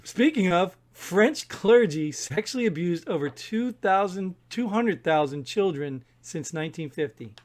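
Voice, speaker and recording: A man co-hosting a casual discussion podcast, argumentative and talking in rapid bursts, often clearing his throat. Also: high voice, animated. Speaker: podcast co-host.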